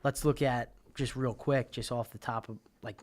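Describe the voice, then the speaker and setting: A man's voice: mid-range voice, fairly even intonation, normal speed. A man co-hosting a casual sports podcast, rambling and stumbling over his words, swearing now and then. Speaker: podcast co-host.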